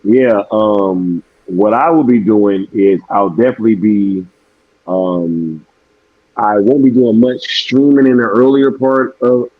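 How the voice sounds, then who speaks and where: A man's voice: on the low side, dry recording, narrow, tinny audio. A man hosting a casual live stream, laid-back and slangy, losing his voice.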